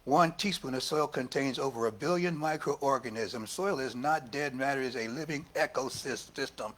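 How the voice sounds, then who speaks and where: A man preaching a sermon as minister, lively and talking back and forth with the congregation. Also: mid-range voice, normal speed. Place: church service.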